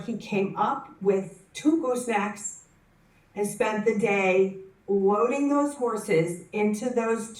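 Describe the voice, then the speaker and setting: Woman speaker, unhurried story delivered at a conference, heard from a distance in an echoey hall. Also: mid-range voice. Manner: animated, acts out the voices in her story; frequent self-corrections and restarts. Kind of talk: personal storytelling talk.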